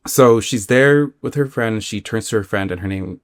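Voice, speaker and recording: A man's voice: medium pitch, unhurried, no echo, clean studio sound. A man hosting a spooky podcast, casually retelling a listener's dream story with rambling asides and many fillers. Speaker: podcast host.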